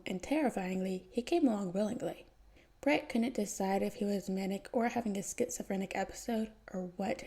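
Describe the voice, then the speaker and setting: A woman narrating a fanfiction audiobook with a dry, wry delivery. Her voice is mellow and dark-toned, with a steady gravelly fry at the edges of her phrases, pitched in a mid range. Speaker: podfic reader.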